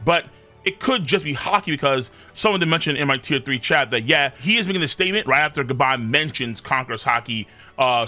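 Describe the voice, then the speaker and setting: A man reviewing a manga chapter in casual commentary, animated, now and then putting on quick voices for the characters. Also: fairly high pitch.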